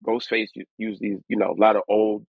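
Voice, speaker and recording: A man being interviewed as a guest rapper, telling stories in a lively way and acting out other people's voices as he goes. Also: on the low side, fairly quick, husky, dry recording. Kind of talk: storytelling interview. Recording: dry, tinny phone-like line.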